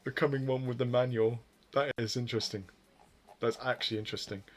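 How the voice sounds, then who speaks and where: A man's voice: medium pitch, steady tone, fairly quick. A man chatting loosely as he codes live on stream, swearing freely and poking fun at himself. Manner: rambling, swears freely, self-deprecating. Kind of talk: casual stream chatter while coding.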